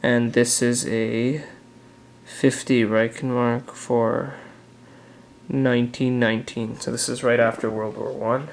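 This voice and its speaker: A young man with a gravelly, fry-edged voice talks casually through his collection of banknotes. His pitch stays level and even. He pauses often with "uh" as he squints at dates, relaxed and unhurried. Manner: relaxed, halting, many "uh" pauses while reading notes. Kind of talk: casual show-and-tell vlog.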